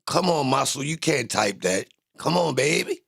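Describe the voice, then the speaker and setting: A man streaming a reaction to a court video, joking loudly in profane slang. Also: mid-range voice, sing-song, normal speed, creaky, breathy edge. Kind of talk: casual reaction commentary.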